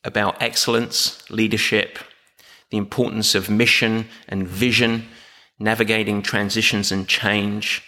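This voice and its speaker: A man's voice: fairly low pitch, pushed and bright. A man with an Essex accent hosting a podcast, enthusiastic and prone to rambling introductions. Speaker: podcast host. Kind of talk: casual interview.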